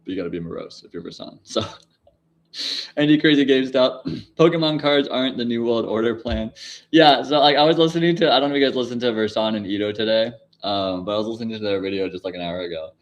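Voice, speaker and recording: Talking quickly in a lowish voice, this forties-aged livestream host rambles through viewers' chat questions in a casual setting. He laughs a lot, swears occasionally, and now and then erupts into sudden loud outbursts.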